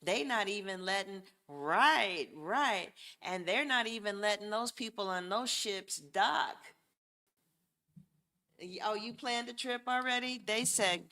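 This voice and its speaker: A woman's voice: mid-range voice, takes it slowly. A woman giving a casual tarot reading, talking bluntly and profanely as she speaks straight to her viewers. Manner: addresses viewers directly and warmly. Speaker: tarot reader.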